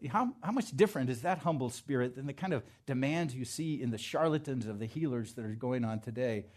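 With a fairly high voice, a man preaching to his congregation as pastor alternates soft asides with booming, emphatic statements.

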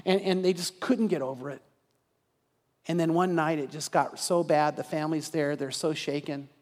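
High-voiced pastor preaching in a hall. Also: male voice, fairly even intonation, normal speed, a little mellow. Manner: storytelling that builds to an earnest altar call. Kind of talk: sermon. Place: church sanctuary. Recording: reverberant church hall.

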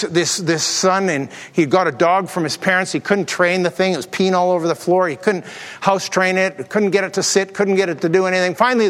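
Animated high-voiced pastor in reverberant hall. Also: male voice. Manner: animated, jokey asides, acts out voices in stories. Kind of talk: sermon with storytelling and jokes.

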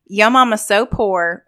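A woman co-hosting a podcast, telling jokes in an unhurried, giggly way. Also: medium pitch, heavy background noise. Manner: giggly, unhurried punchline delivery. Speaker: podcast co-host. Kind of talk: casual joke-telling chat.

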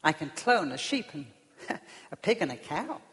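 A woman's voice: low voice, big pitch swings, normal speed, fairly bright tone. A woman preacher voicing a boastful self-made man who sneers at God in a parable. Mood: sneering. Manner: sneering and proud. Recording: long reverb of a large hall.

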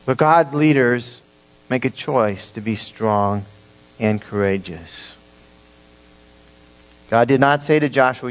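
A male pastor preaching an emphatic sermon to his congregation, swinging between loud declarations and hushed, slow emphasis. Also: medium pitch, low-quality recording.

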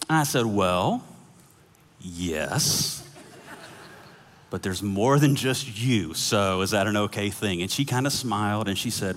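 A man preaching a sermon as pastor, telling a story with animated acted-out dialogue and laughter. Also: fairly low pitch, takes it slowly. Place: church sanctuary. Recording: long hall reverb.

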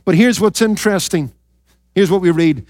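A male pastor preaching a sermon, emphatic, questioning his listeners and dropping into quiet, intense asides. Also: sits high, moderate pace, dry recording. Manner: addresses listeners directly with rhetorical questions.

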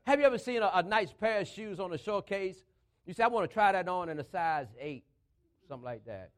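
A man's voice: high-pitched, expressive, fairly quick. A male preacher delivering a sermon with an emphatic, call-and-response style, building phrases up and driving them home, with speech patterns.

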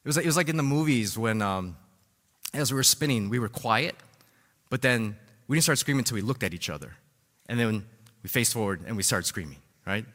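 A man in his thirties delivers a sermon, spinning a personal story in a loose, conversational way, checking in with "right?" and "like" as he goes. His voice sits at an ordinary pitch and rings out with a long hall reverb. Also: brisk. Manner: animated storytelling with many "right?" and "like". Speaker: pastor.

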